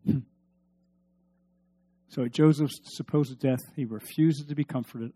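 A man's voice: medium pitch, steady tone, a little slow, dark tone, husky. A man preaching a sermon, reading scripture aloud and stressing points with questions to his listeners. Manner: emphatic, asks the congregation questions. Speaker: pastor.

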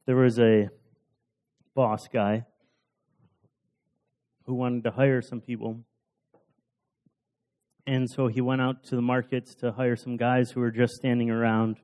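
Male preacher, casual storyteller, mellow warm tone, relaxed sermon delivery. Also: medium pitch, unhurried, pauses often, clean tone. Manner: casual storytelling with fillers and restarts.

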